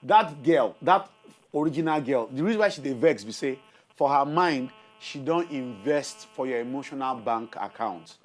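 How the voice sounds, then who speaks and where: A man with a Nigerian accent, a pastor counselling on a radio talk show and explaining things in a steady, teaching way. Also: mid-range voice, normal speed, faint music behind. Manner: explaining in a steady, teaching way, mixing Pidgin and English.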